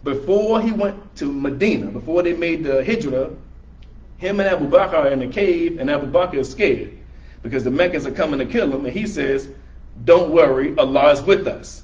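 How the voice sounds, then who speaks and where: Male religious teacher, conversational explainer, slightly high voice, muffled lo-fi room recording. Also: animated, normal speed, darkish tone. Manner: conversational, rephrasing verses in plain words. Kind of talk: explanatory Quran class. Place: room with a small audience, filmed by camera.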